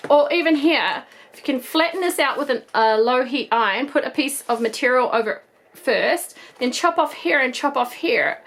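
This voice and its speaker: A woman unboxing toys as an adult collector, gushing and excitable, with rambling asides. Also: sits high. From New Zealand. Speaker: toy collector and vlogger. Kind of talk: toy unboxing vlog.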